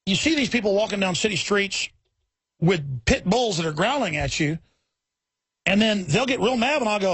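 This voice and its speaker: Husky, high-pitched ranting radio host man. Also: expressive, brisk, a bit bright, no room sound. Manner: heated, rambling, emphatic. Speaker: radio talk show host. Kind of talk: ranting talk radio monologue.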